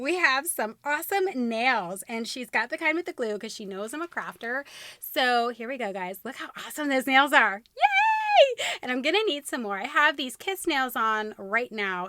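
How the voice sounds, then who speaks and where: A young woman vlogging at home, unboxing gifts from a friend in a gushing, excitable way, with squeals and gasps. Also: a little high. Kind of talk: casual vlog unboxing.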